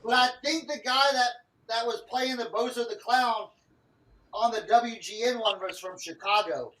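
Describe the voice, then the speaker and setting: Bright, high-voiced man in casual chat. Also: normal speed, far from the mic. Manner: emphatic, loud. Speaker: co-host.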